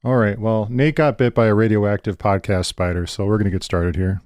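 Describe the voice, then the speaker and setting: A man co-hosting a gaming podcast from a basement, wry and quick with quips, recapping the story. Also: fairly low pitch, steady tone, a little mellow, no echo, faint music behind. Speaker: podcast co-host.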